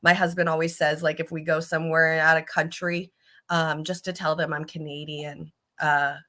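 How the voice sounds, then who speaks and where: A woman's voice: sits low, level tone, moderate pace, sharp tone. A woman with a Californian accent hosting a live stream in casual chat, rambling and laughing often. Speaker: host.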